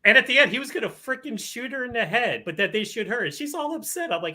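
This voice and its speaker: Bright, excitable man. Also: extremely high pitch, fast talker, hardly any pauses. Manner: excitable, acts out reactions. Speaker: podcast co-host. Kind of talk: casual movie discussion.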